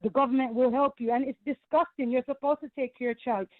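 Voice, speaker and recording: Woman caller, high voice, emphatic and repetitive, tinny dry phone line. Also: fairly even intonation, fast talker, no echo. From Caribbean. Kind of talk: heated call-in rant.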